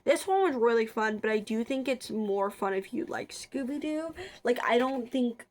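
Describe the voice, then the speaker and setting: A chatty young woman with a slightly high voice talks casually to her viewers. She rambles, trips over her words and fills gaps with likes and ums. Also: animated, normal speed, a little mellow. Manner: rambling, chatty, frequent filler words and restarts. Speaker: vlogger. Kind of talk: casual chat.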